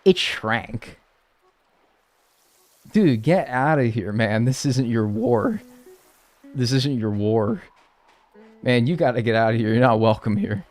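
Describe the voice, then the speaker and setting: A man's voice: medium pitch, lively intonation, unhurried, darkish tone. A man chatting casually with his live-stream audience, playful and mock-outraged, swearing as he jokes.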